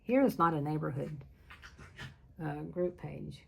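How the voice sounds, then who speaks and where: A woman's voice: low-pitched, measured pace, gravelly. A middle-aged woman telling a story in a casual chat, laughing often and acting out what people said. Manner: chatty, laughs often, quotes people in lively voices. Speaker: craft channel host.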